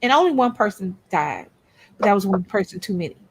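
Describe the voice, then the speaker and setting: A woman's voice: mid-range voice, very animated, brisk, slightly rough. A woman co-hosting a casual chat show, blunt and outspoken, swearing freely and repeating her points for emphasis. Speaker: co-host of a couples' YouTube channel.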